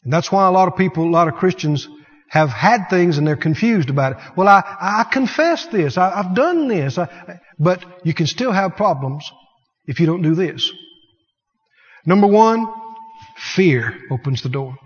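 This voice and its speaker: High-pitched preacher guy, animated sermon, long echoey church hall, kinda muffled. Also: moderate pace, breathy edge. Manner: animated, mocking voices, laughing at the devil. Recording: dull sound with long hall reverb.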